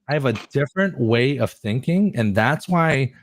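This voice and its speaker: A man in his forties, a podcast guest, chatting in an excitable, effusive way and swearing freely. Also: medium pitch, measured pace. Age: 40s. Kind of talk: casual chat.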